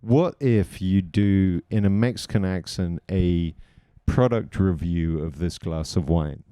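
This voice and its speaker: Male co-host, low and mellow, questioning and debating, dry close mic. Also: slow, clear, resonant tone, no echo. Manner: argumentative, poses what-if questions. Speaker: podcast co-host. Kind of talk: casual comedy podcast chat.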